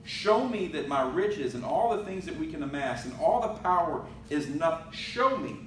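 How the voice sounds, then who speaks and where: A man's voice: a little high, animated, normal speed, echoey room, far from the mic, a little hiss or hum, rough recording. A male pastor giving a conversational sermon, reading scripture aloud and asking the congregation questions. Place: church sanctuary.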